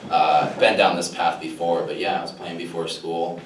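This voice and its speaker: A man's voice: low voice, little pitch movement, moderate pace. A young man performing a self-deprecating stand-up comedy set to a live crowd, often chuckling at his own jokes. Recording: roomy live recording from a distant mic with room noise.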